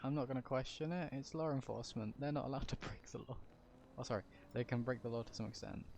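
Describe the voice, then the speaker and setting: A man's voice: mid-range voice, fast, creaky, a little mellow, a little hiss or hum. A man casually commenting while streaming a game, chatty and joking as he talks to his chat.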